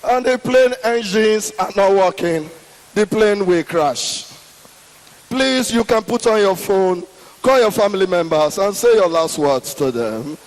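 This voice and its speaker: A man's voice: sits high, a little slow. A man voicing a garbled, mumbling male airline pilot making an unclear cabin announcement. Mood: droning. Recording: long hall reverb.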